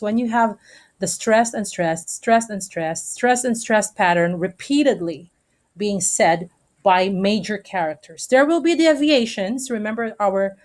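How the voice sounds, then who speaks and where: Giving a prerecorded lesson online, this woman explains things to students step by step and keeps checking in with a short "okay?". Her voice falls in the mid range.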